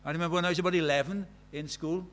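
Preaching very fast, this middle-aged man from Wales has a fairly high voice and fairly even intonation in his Welsh accent. His sermon moves from booming, emphatic statements to hushed asides.

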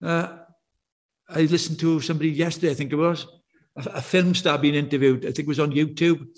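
A man's voice: on the high side, steady tone, fairly quick. A man preaching a sermon in a church, talking in a conversational way, telling stories and asking his listeners questions. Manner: conversational, anecdotal, full of rhetorical questions.

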